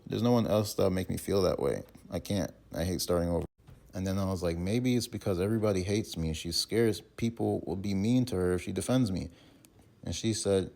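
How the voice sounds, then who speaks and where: A young man recounting chat messages in a rambling, halting way, with many fillers and restarts. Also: deep voice, creaky, a little mellow. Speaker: content creator responding to allegations. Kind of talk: casual recounting while reading messages aloud.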